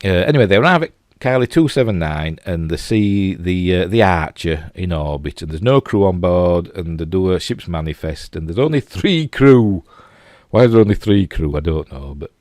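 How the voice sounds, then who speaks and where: Speaking in a deep, animated voice at a normal speed, a man with a Yorkshire accent gives an off-the-cuff review of a TV episode, full of "you know" and false starts. His tone is darkish. The studio-quality capture has no room sound.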